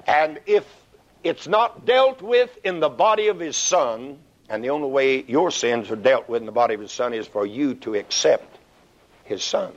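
A man preaching a sermon, dramatic, swinging from hushed whispers to shouted peaks. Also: medium pitch, animated, moderate pace. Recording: dull lo-fi recording.

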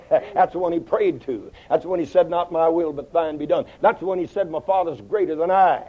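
A man preaching a sermon in an animated way, quoting scripture in old English wording and swinging his pitch widely. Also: fairly quick. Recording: dull lo-fi old sermon tape.

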